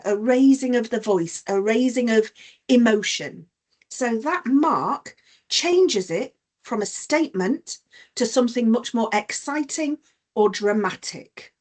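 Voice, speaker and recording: A woman teaching a business-English class online, her voice sitting a little high and her delivery slow and unhurried. She explains each point patiently and stops to give examples, and the sound comes through a video call. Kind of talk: online punctuation lesson.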